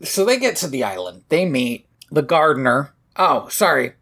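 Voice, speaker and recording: Woman, podcast co-host, husky lowish voice, swooping pitch, chatty animated recap. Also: moderate pace. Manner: animated, laughing, swearing, quoting lines in funny voices. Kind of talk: casual movie recap chat.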